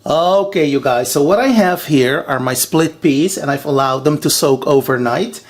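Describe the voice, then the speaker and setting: A man from Suriname hosting a home cooking show, telling stories in a lively, chatty way. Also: a little high, normal speed, echoey room. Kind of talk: casual cooking show talk.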